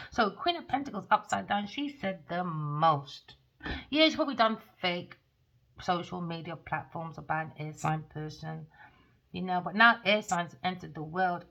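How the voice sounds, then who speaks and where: A woman giving a tarot reading, scornful and theatrical, mockingly calling people darling and shifting between loud outbursts and low mutters. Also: vocal fry. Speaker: tarot reader. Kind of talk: rambling tarot reading monologue.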